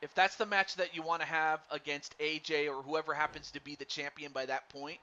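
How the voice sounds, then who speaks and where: A man doing live play-by-play commentary on a wrestling game for a stream, excitable and stumbling over his words while chatting with viewers. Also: on the high side, fairly quick. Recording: dull lo-fi stream mic with faint noise.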